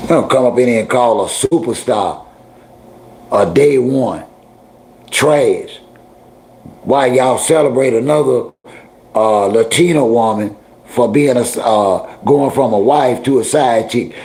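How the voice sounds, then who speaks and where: A man's voice: medium pitch, slow, pauses often, darkish tone, echoey room. Blunt, streetwise male livestream host. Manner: blunt, scolding and streetwise, addresses chat directly. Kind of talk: casual livestream chat with viewers.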